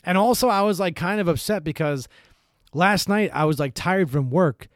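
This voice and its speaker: A man's voice: high-pitched, moderate pace, dry recording, clean studio sound. Young man telling a rambling story, swearing. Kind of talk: casual chat.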